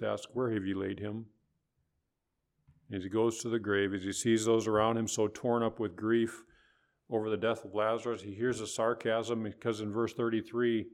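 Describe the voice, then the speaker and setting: A man preaching a sermon, quoting scripture, rising higher and louder when voicing others and dropping soft for gentle words. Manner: rises in pitch and volume for quoted voices, drops soft for tender words; preaching with biblical quotations.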